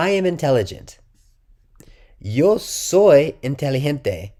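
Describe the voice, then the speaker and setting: A man of middle pitch teaching a casual language lesson on video. He is upbeat and encouraging, praising each example as he goes. He slows right down to read his example sentences with care and clears his throat now and then. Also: dark tone. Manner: encouraging, says "muy bien" and "awesome" after each example; reads example sentences slowly and carefully. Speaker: Spanish teacher.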